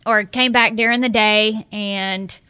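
A woman's voice: medium pitch, slow, clean tone. A young adult woman earnestly telling a personal story from her marriage, acting out the dialogue. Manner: earnest, animated, acts out quoted dialogue.

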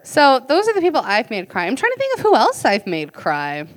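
A woman leads a loose chat around a drinking card game, teasing her guests and swearing freely. Her voice sits a little high and swings widely. She talks bluntly and jokingly. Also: wildly swooping pitch, brisk. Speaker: podcast host.

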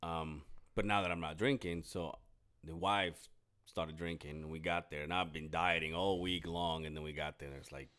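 A young man with a low, a bit bright voice co-hosts a podcast at a moderate pace and fairly even intonation. He chats casually in long, rambling stories, swears a lot, and acts out his friends' lines.

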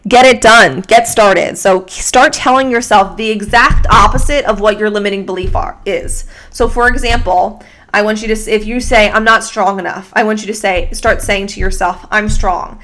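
A woman hosting a solo motivational podcast, talking into a microphone with energetic, casual pep-talk delivery, swearing freely and slightly out of breath. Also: medium pitch, moderate pace. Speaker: podcast host and fitness coach. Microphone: studio microphone.

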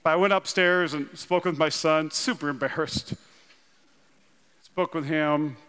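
A man in his thirties from North Dakota, preaching a sermon with animated storytelling and self-deprecating humor. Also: fairly high pitch, a little slow, clean tone. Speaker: pastor. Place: large church auditorium. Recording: long hall reverb.

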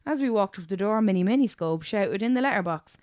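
A young woman co-hosting a casual podcast, telling an animated, sweary story. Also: medium pitch, brisk, no room sound, studio quality. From Ireland. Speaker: podcast co-host. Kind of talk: casual chat.

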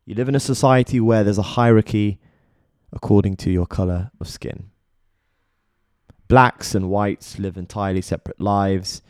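A man with a very deep, dark voice narrates a biography from a script. He is measured and speaks straight to the listener, and the recording is close and dry. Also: steady tone, smooth, dry recording. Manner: measured, addresses listener directly. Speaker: documentary narrator.

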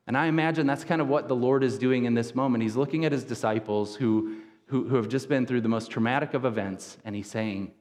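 A pastor in his thirties delivers a casual, conversational sermon, often doubling back on his words. His voice sits at an ordinary mid pitch. The sound rings with the long reverb of a church hall. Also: fairly quick, a little mellow. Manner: conversational, casual wording, frequent word repeats. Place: church sanctuary.

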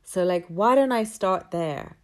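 Low-voiced woman musing candidly. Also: unhurried. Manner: candid, rambling, spiritual self-reflection. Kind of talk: reflective personal storytelling.

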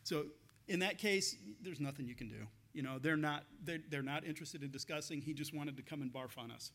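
A man's voice: a little high, fairly quick, fairly bright tone. A man pastor giving a conversational sermon, telling stories with frequent laughs and restarts.

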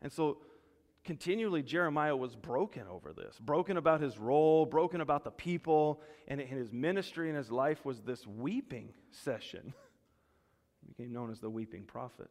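A male pastor preaching a sermon, animated, rising loud and emphatic when he voices God's words. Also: medium pitch, moderate pace. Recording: long hall reverb.

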